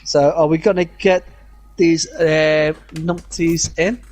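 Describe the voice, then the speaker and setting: A man giving casual live commentary on an online racing league, chatty and halting with many fillers. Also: fairly high pitch, little pitch movement, darkish tone.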